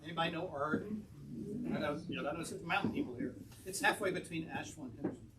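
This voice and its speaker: Poet from North Carolina answering audience questions in a bookstore, slightly high voice, chuckles often, distant noisy recording. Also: male voice, very fast. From North Carolina, USA. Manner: anecdotal and rambling, chuckling often. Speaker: poet presenting his book. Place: bookstore event room. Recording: distant mic, noisy room.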